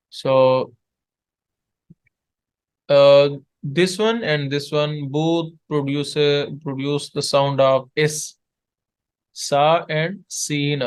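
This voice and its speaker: A man teaching letters in an online lesson, patiently repeating sounds in halting English. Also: medium pitch, clear, resonant tone. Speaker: Arabic tutor. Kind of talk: one-on-one online language lesson.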